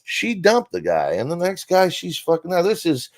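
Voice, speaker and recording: A man's voice: high voice, huge pitch swings, moderate pace, dry recording. A man telling a rambling, profane comic story on a casual talk show. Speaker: guest comedian.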